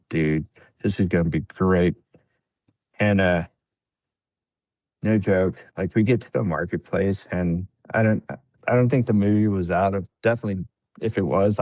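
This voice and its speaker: A man, a podcast guest and veteran, telling a long war story in casual chat, acting out quotes from others in a raised voice. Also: no room sound. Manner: animated storyteller, acts out quotes in a higher voice.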